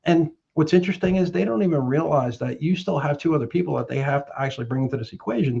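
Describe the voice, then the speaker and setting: Middle-aged male mortgage pro, lively sales-coach delivery on a muffled line. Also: fairly high pitch, fast, gravelly, hardly any pauses, husky. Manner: emphatic storyteller, acts out both sides of phone calls. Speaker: guest, mortgage professional. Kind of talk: animated sales coaching talk.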